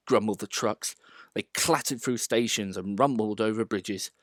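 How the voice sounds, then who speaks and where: A man reading a children's storybook aloud as the narrator, in an expressive way. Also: on the low side, normal speed, no echo, studio quality.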